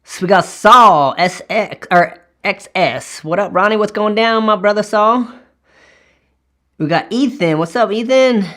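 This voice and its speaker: A man's voice: high voice, unhurried, fairly bright tone. A man hosting a casual weekly livestream from home, greeting viewers by name and laughing often.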